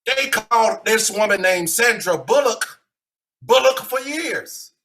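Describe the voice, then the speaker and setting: A podcast co-host, ranting animatedly in casual sports chat with big swings in loudness. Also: male voice, sits high, animated, slow pace.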